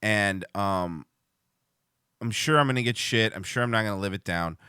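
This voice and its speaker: A man's voice: fairly low pitch, normal speed, sharp tone, smooth, dry recording, clean studio sound. A man hosting a livestream show, rambling and swearing casually as he chats to viewers. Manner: rambling, profane, restarts a lot.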